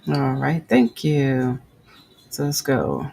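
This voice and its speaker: A woman's voice: a bass voice, animated, slow, vocal fry, mellow, slightly rough, poor audio. A woman hosting a live crochet tutorial, counting stitches aloud and chatting with viewers as she works. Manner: chatty, reads and answers live chat. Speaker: crochet livestream host.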